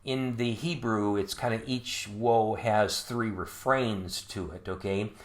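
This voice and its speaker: Pastor, male, slow deliberate sermon delivery, mid pitch, echoey church room. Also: fairly even intonation. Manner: expository preaching with rhetorical questions and verse-by-verse reading. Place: church sanctuary.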